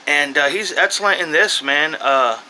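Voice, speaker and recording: Bright rambling man reviewing a movie. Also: on the high side, moderate pace, a little hiss or hum, poor audio. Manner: rambling, with frequent restarts and asides. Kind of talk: casual off-the-cuff review.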